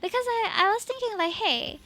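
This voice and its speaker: A woman's voice: very high voice, animated, a little fast, sharp tone. A young woman with a Singaporean accent, chatting casually and giggling on her live stream, sprinkling in Singlish particles. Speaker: VTuber streamer.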